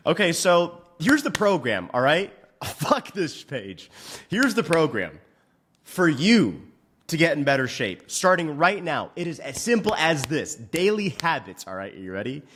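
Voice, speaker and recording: A man hosting a fitness podcast, giving blunt, profane advice in a casual way and venting at his software. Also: on the high side, very animated, slight background noise. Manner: profane, frustrated rants; blunt, rapid instructions. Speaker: fitness coach and podcast host.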